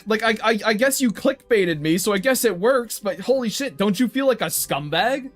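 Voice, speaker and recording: A man's voice: high voice, expressive, normal speed, faint music behind. A young man livestreaming while he draws, chatting straight to his viewers and ranting with plenty of swearing. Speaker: artist streaming his drawing. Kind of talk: casual livestream chat.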